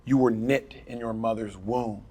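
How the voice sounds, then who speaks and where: Male host, mid-range voice, measured deliberate questioner. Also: mid-range voice, steady tone, warm tone. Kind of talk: hosting a panel discussion.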